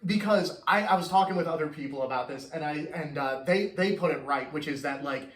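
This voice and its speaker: A man's voice: fairly high pitch, brisk, fairly bright tone, reverberant, recorded from a distance. A man in casual chat, ranting in exasperation and swearing as he talks.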